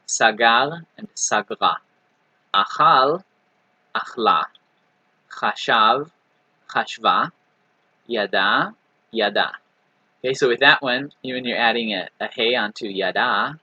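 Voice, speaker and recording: A man teaching a recorded language lesson, patiently explaining and repeating example words slowly with frequent "right?" and "okay.". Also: on the low side, sharp tone, breathy edge, dry recording, lo-fi sound. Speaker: Hebrew teacher.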